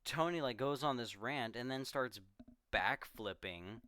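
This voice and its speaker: A man co-hosting a podcast, recapping a movie in casual chat with animated storytelling. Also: mid-range voice, unhurried, crowd noise. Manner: animated storytelling, jumps into quoting characters. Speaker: podcast co-host.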